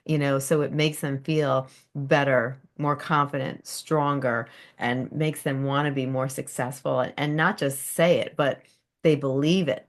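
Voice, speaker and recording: A woman hosting an interview, affirming her guest and asking long, winding questions. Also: rumbling low. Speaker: host.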